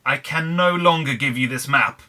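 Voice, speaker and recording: A man's voice: medium pitch, moderate pace, sharp tone. An English man giving casual, wry, self-deprecating commentary as he plays Minecraft. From England. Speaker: gaming channel host.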